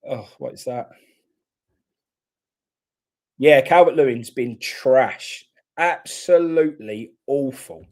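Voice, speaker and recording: A man's voice: mid-range voice, takes it slowly, long pauses, a little mellow. A man hosting a live football watchalong, chatting casually and reacting bluntly to the play.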